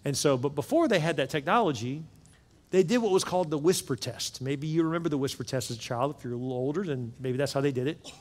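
A man preaching a sermon as pastor, telling a story earnestly and often dropping into soft, hushed passages. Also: a little high, fast. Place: church sanctuary with several campuses. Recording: long reverb of a large hall with music behind.

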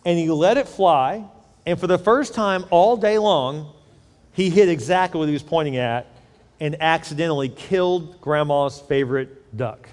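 A man's voice: on the high side, normal speed. Man, sermon, conversational, repeats words, long hall reverb. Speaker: pastor.

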